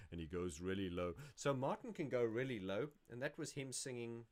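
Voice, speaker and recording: A man's voice: mid-range voice, very animated, normal speed, hardly any pauses, a little mellow. Rambling male livestream host. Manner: rambling and self-correcting, sings snippets to illustrate. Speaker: livestream host answering viewer questions. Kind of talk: casual livestream chat.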